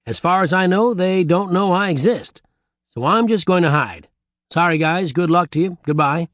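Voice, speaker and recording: A man's voice: high voice, moderate pace, a bit bright, dry recording, studio quality. A man voicing a cowardly male talking frog in an audiobook, whiny and sarcastic. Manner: pleading, sarcastic complaining.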